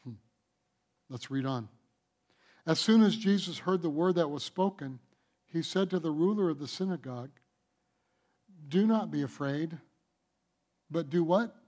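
This pastor's sermon comes in a fairly high voice that runs a little slow and pauses often. He speaks emphatically, shifting between loud declarations and quiet remarks on the side.

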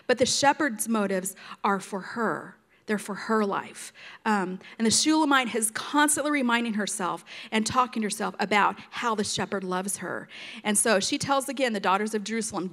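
A woman teaching a Bible passage in a relaxed, conversational way, retelling the story in her own words with plenty of fillers. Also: mid-range voice.

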